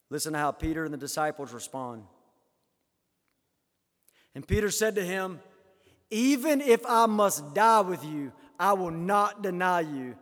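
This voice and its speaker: A man preaching a sermon, acting out quoted lines dramatically and swinging from loud to hushed. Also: a little high. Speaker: pastor. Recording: hall reverb.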